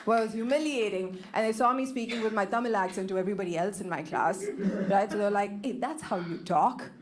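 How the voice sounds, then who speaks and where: A woman's voice: mid-range voice, fast talker, over a noisy crowd. A woman who grew up in Kenya, doing a stand-up comedy set with playful storytelling and put-on accents. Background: audience laughter.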